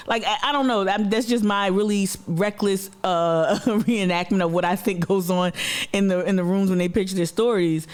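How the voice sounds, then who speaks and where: A man's voice: high-pitched, fairly even intonation, moderate pace, clear, resonant tone. A man with a Southern US accent giving blunt, casual commentary as an activist host, cursing and mocking others' voices. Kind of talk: casual commentary on a played clip.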